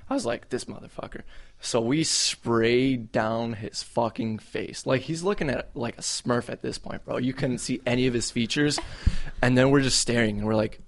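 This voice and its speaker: Young guy on a podcast spinning a crude party story, mid-pitched, laid back. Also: moderate pace. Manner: profane, laid-back, laughing through the story. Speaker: podcast co-host. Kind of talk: casual storytelling.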